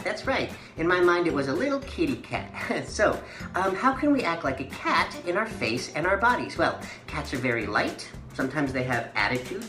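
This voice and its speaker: A woman teaching children a playful mime and movement lesson, giving sing-song, encouraging instructions. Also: deep voice. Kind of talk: guided movement lesson for kids. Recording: echoey room with faint music.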